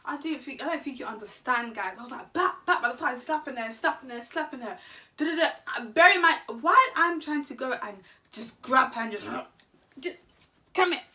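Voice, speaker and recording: A woman telling a story to camera in an animated, slangy, laughing way. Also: sits high, brisk, far from the mic. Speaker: vlogger. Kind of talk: casual storytime.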